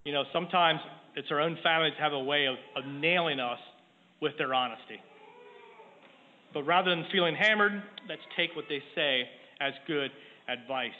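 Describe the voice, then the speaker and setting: A middle-aged man preaching a sermon in a measured, earnest way, raising his voice when he reads scripture. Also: fairly high pitch. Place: church sanctuary. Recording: tinny lo-fi sound in a long-echo hall with faint noise.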